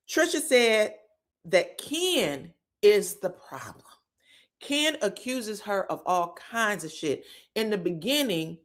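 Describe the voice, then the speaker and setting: A woman recaps a reality show as casual gossip. She is animated, acts out the cast's lines as she retells them, and swears freely. Her pitch swings widely as she speaks. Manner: animated, quotes cast members in retellings, profane.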